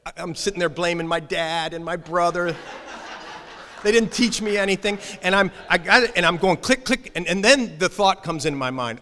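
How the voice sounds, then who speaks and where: Animated male pastor, emphatic storytelling sermon, bright and forceful tone, reverberant church hall. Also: on the high side. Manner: animated, emphatic, quick restarts.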